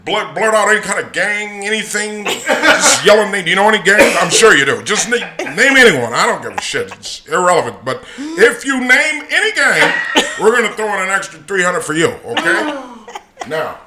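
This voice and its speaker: Man putting on a slick coaxing recruiter, lower smooth voice, salesman tone, noisy recording. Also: sing-song, normal speed. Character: smooth persuasive male corporate recruiter, slick and calm.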